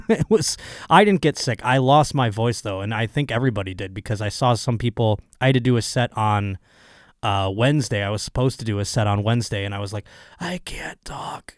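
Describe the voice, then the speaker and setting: A comedian hosting his own podcast alone, talking in a rambling, excitable, profane way, his voice still hoarse from being lost. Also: lowish voice, brisk, no room sound, clean studio sound. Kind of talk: casual solo podcast monologue.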